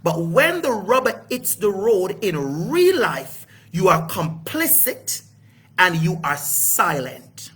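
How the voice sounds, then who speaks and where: A man's voice: high voice, sing-song, takes it slowly, fairly bright tone, breathy edge. A middle-aged man giving an impassioned, preachy talk to camera, swearing freely and repeating lines for emphasis. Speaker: educator hosting his own video series.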